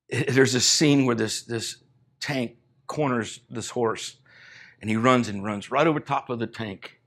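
A middle-aged male pastor tells a story from the pulpit. He acts out each character's lines and swings from hushed, low passages to loud, high, emphatic bursts. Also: slow, pauses often. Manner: animated retelling, acting out lines, rising to loud emphatic peaks. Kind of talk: sermon storytelling.

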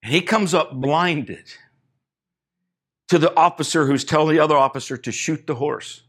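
A middle-aged male pastor tells a story from the pulpit. He acts out each character's lines and swings from hushed, low passages to loud, high, emphatic bursts. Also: normal speed. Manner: animated retelling, acting out lines, rising to loud emphatic peaks. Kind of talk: sermon storytelling.

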